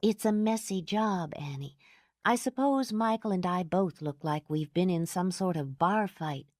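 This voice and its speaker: A woman voicing an exhausted, gentle young mother who speaks in a calm, earnest way. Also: lowish voice, unhurried, no room sound, studio quality, natural voice. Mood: tired.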